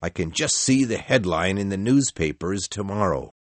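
A man's voice: low-pitched, animated, moderate pace, no echo, pitched below the performer's own voice. A man doing a scoffing newspaper editor. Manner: scoffing and jokey. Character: mocking, skeptical male newspaper editor.

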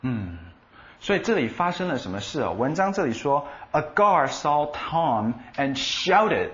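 A man co-hosting a radio English lesson, explaining words and quizzing his partner with animated emphasis. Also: on the high side, measured pace, dull audio. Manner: animated explaining, switching between Chinese and English. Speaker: bilingual co-host explaining in Chinese.

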